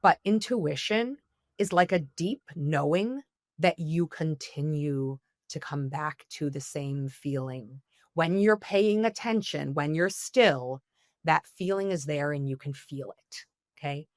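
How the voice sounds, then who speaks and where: Low-voiced woman coaching earnestly. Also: no room sound, studio quality. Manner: earnest, coaching, checks in with "okay?". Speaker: guest therapist. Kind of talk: podcast conversation, giving advice.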